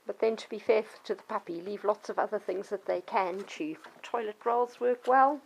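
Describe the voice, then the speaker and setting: A woman's voice: mid-range voice, normal speed, slight background noise, rough recording. A middle-aged woman and dog trainer patiently explaining to children and parents how to handle a puppy. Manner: clear, patient explaining, acts out yelps and children's voices. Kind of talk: instructional talk to children and parents.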